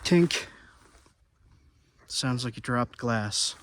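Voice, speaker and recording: An out-of-breath man narrates his hike in a loose, rambling way, often losing the end of a sentence. He speaks unhurriedly, at a middle pitch. A faint hiss sits under the outdoor recording. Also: a little slow. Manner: relaxed, rambling, trailing off mid-sentence. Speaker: outdoor vlogger. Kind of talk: casual outdoor vlog commentary. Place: outdoors on a volcanic hillside.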